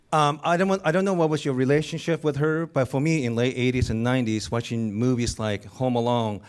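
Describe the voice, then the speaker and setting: A man's voice: medium pitch, steady tone, a little fast, hardly any pauses, clear, resonant tone. A man with a goofy voice, a comedian nervously hosting a live awards show, rambling and joking at his own expense. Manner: nervous, rambling, self-deprecating. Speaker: comedian host. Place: cinema stage before a live audience.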